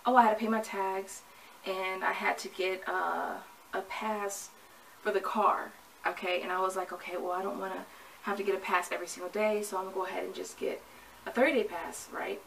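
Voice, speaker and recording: Chatty young woman with a gravelly edge. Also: medium pitch, steady tone, brisk, fairly bright tone, recorded from a distance, poor audio. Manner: chatty, rambling, self-laughing. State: hot and sweaty. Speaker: vlogger. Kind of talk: casual pregnancy vlog to camera. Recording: from the mic with faint ambient noise.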